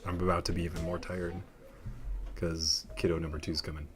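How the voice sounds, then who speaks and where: A man's voice: deep voice, flat delivery, brisk. A young man chatting casually on a headset, telling rambling, laid-back stories as host. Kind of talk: casual chat.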